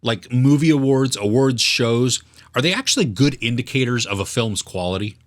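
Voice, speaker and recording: A man who is a guest on a casual movie podcast, chatty and quick to laugh. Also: medium pitch, lively intonation. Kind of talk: casual chat.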